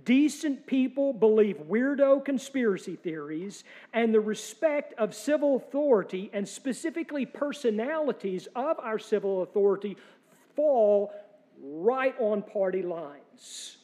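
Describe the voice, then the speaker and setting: High-voiced pastor in a reverberant hall. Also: male voice, lively intonation, a little slow, dark tone. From United States. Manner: earnest, emphatic, rhetorical questions with dry humor. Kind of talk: sermon.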